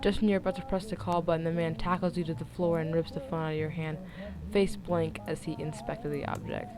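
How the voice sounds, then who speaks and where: A woman's voice: low-pitched, steady tone, fairly quick. Young woman reading a story aloud, music behind. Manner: unedited reading with jokey asides, stumbling and laughing at herself. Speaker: story reader. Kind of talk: casual read-aloud of fan fiction.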